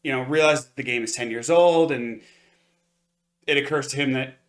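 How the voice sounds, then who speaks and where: A man's voice: mid-range voice, normal speed. A man co-hosting an anime review podcast, recapping an episode in a rambling way, with many fillers and restarts. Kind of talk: casual review chat.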